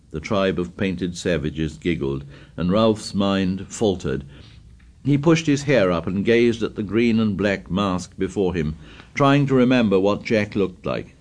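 A man reading a novel aloud in steady, scripted narration. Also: deep voice, unhurried. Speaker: audiobook narrator.

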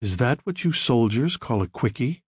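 A man voicing a gentle, earnest young American woman in an audiobook, speaking her lines softly and quietly. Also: mid-range voice, sing-song, normal speed, breathy edge, no room sound, clean studio sound. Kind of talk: audiobook character reading.

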